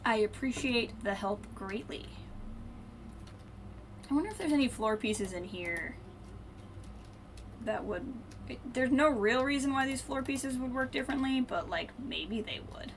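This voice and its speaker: A woman streaming a video game, thinking aloud and muttering to herself, then brightly greeting her viewers. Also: sits high, lively intonation, a little slow, long pauses, slight background noise. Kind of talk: casual live-stream chat while playing.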